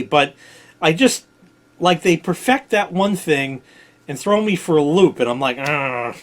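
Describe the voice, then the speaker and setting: Blunt rambling man with a lively voice. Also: a little high. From New York. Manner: blunt, digressive, swears freely. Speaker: vlog host telling stories. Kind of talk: rambling casual storytelling.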